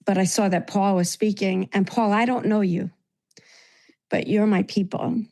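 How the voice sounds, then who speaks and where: New lady on a video call, emotional and grateful, mellow voice. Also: mid-range voice, fairly even intonation, normal speed, vocal fry. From New York. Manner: heartfelt, tearful at times, grateful. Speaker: meeting participant. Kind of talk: emotional sharing in a recovery meeting.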